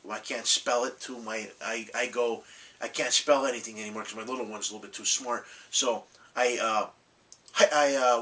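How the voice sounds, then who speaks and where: A man rambles through a casual collectibles vlog, blunt and full of restarts and mild curses. His voice is bright and forward. He sits a little away from the microphone. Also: medium pitch, far from the mic, poor audio. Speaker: collectibles channel host.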